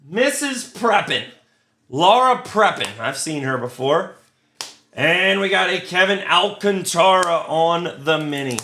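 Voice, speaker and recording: Bright-voiced Philly-man breaking cards. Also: high-pitched, lively intonation, takes it slowly. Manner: crude joking banter, reads out cards. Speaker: card break host. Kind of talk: casual live card-break commentary. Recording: roomy with faint noise.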